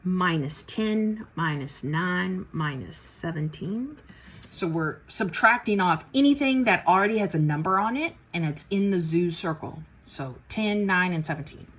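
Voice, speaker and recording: A woman's voice: lowish voice, lively intonation, a little slow. A woman teaching math in a casual, folksy way, talking herself through each step of a problem. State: a little out of breath. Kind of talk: casual worked-problem lesson.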